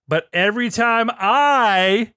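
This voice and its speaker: A man's voice: high voice, takes it slowly, bright, forceful tone, smooth, dry recording, studio quality. A man co-hosting a gaming podcast, teasing his friends in casual banter. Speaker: podcast co-host. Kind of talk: casual chat.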